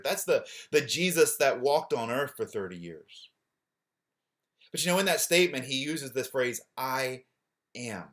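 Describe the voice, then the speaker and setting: A male pastor giving an earnest sermon, often repeating words and dropping soft and low on key phrases.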